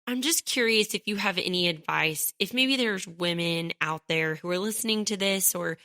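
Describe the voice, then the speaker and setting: A woman's voice: fairly low pitch, normal speed, bright, forceful tone, no room sound, clean studio sound. A woman hosting a podcast, asking a guest questions in casual conversation. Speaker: podcast host. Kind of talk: casual interview.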